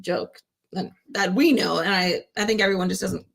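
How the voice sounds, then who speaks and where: A woman's voice: fairly low pitch, moderate pace, creaky, husky. A woman co-hosting a casual live stream, laughing often and telling rambling stories. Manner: giggly, rambling storyteller. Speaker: co-host.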